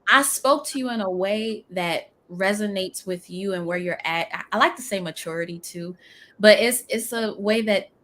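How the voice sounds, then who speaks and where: A business coach from New Orleans talks with a Southern accent touched by Texas twang. She is emphatic and animated, often acting out what clients say. Her voice is bright and forceful. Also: mid-range voice, moderate pace, a little hiss or hum. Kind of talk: live-stream interview, casual advice.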